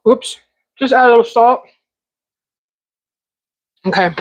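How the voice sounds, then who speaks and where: A woman's voice: fairly high pitch, takes it slowly, poor audio. A woman hosting a live cooking stream from her home kitchen, chatting casually and talking to the food as she works. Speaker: cooking show host.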